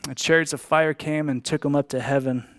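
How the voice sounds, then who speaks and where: A man's voice: on the high side, steady tone, fairly quick. A man preaching a sermon as a pastor, emphatic, repeating key lines for emphasis.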